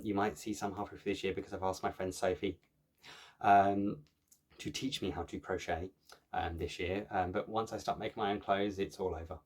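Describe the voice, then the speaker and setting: A man chatting casually to camera as a cross-stitch vlogger, joking at his own expense and filling gaps with lots of ums and restarts. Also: sits low. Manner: chatty, jokey, self-mocking, many fillers.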